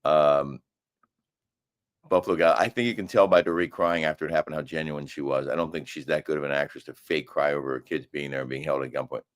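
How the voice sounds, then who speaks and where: Middle-aged male co-host, very low voice, casual live-chat delivery with emphatic argumentative bursts. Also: fairly even intonation, quick pace. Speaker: co-host of a live daily show. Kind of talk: casual live-stream chat, reading comments. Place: hotel room.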